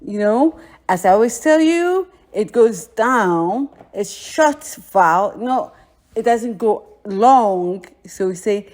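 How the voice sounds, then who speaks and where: Slow, high Ghanaian woman teaching. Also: expressive, a little mellow. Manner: patient, repeats phrases for learners to echo. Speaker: language teacher. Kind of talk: language lesson, drilling pronunciation.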